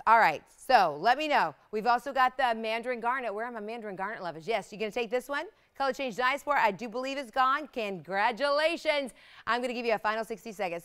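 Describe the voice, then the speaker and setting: A woman hosting live jewelry sales, talking in fast, excited hard-sell patter. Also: sits high, smooth. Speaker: shopping channel host.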